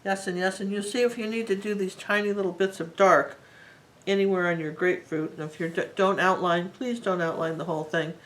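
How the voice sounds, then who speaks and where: Brisk and fairly even in intonation, a woman with a medium-pitched voice teaches painting live. She's warmly enthusiastic, chatty and rambling while she works, and the audio is rough.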